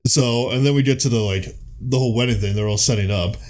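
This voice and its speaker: A man co-hosting a podcast, talking through a favorite comedy film in casual chat. He narrates at an ordinary pitch and keeps lurching into squeaky put-on voices for the characters. He is from the US Midwest. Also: quick pace. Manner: animated retelling, jumps into high silly quoted voices. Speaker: podcast co-host.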